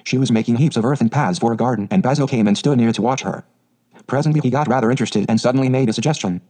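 A man reads a classic storybook aloud in a steady, even way. His voice is mellow and dark-toned, sitting at an ordinary middle pitch. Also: very fast, low-quality recording. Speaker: audiobook narrator. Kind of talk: scripted storybook narration.

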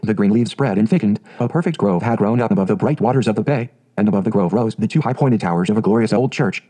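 A man narrating a fairy tale audiobook in a steady, measured way. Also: lowish voice, poor audio.

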